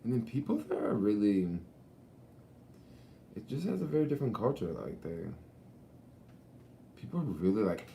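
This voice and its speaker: A man's voice: lowish voice, wildly swooping pitch, normal speed, pauses often, mellow, slight background noise. A man chatting casually in a vlog, laid-back and slangy, swearing and laughing often, talking outdoors at a beach. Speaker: vlogger. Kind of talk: casual rambling chat.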